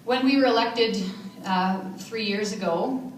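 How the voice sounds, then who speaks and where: A woman mayor giving an earnest, measured inaugural speech in a large hall. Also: a little high, far from the mic, slight background noise. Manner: earnest, measured public speaking. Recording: echoey hall picked up from afar.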